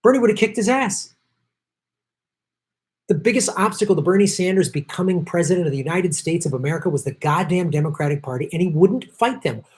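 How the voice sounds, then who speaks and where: His high, darkish voice moving fairly quickly, a middle-aged political commentary host delivers a furious, profane rant. He drives his points home emphatically, over and over.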